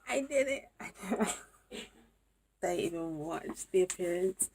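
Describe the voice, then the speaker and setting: A woman's voice: low voice, lively intonation, measured pace, vocal fry, a little hiss or hum. A tired young woman vlogging to camera late at night, overwhelmed, slipping between whispers and exclamations. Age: young adult.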